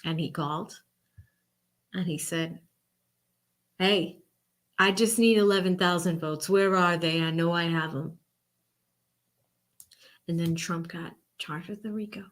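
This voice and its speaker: A woman's voice: lowish voice, unhurried, pauses often. A woman from Boston with a Boston accent, hosting a live election-night stream and chatting casually with her viewers. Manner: animated, chatty, addresses chat directly. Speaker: livestream host.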